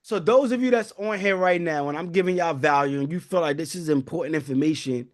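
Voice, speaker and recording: A man's voice: on the high side, brisk, hardly any pauses. A man hosting a live online wealth class, fervent and preachy, calling out to his viewers. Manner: fervent, preachy, calls out to the audience. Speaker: wealth-building webinar host. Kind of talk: live online sales pitch.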